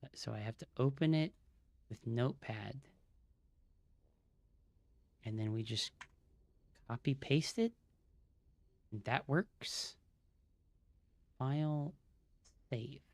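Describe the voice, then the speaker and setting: A man streaming live as a gamer, troubleshooting out loud, swearing a lot and muttering under his breath. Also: mid-range voice, animated, slow, long pauses, no room sound. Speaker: gaming streamer.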